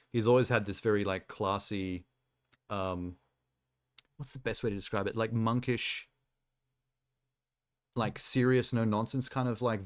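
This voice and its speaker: Male streamer, slightly low voice, loose rambling chat reacting to trailers with easy laughs. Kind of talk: casual live-stream chat. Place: home streaming setup.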